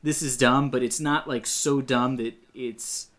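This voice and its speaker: A man's voice: medium pitch, fairly even intonation, measured pace, fairly bright tone. A man co-hosting a movie podcast, chatting casually and joking about the film. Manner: jokey, laughs and mimics characters. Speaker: podcast co-host. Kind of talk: casual movie review chat.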